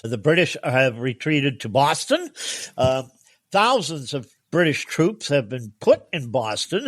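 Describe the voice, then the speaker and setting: A man as guest co-host in a casual history podcast chat, animated and chuckling mid-sentence. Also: on the high side, dry recording, clean studio sound.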